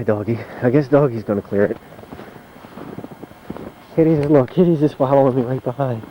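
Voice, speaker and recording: A man narrates his own home video in a chatty, wry way and curses mildly as he goes. His voice sits at a medium pitch and has a mellow tone. It is recorded on a handheld camcorder outdoors in deep mountain snow. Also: normal speed, long pauses, slight background noise, low-quality recording. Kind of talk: casual narration while filming.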